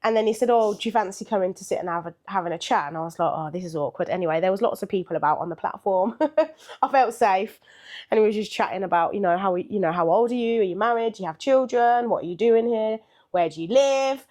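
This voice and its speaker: A woman's voice: mid-range voice, quick pace, a little mellow. An older woman, a podcast co-host, telling a story in casual chat with a chatty manner, laughing often and acting out what people said.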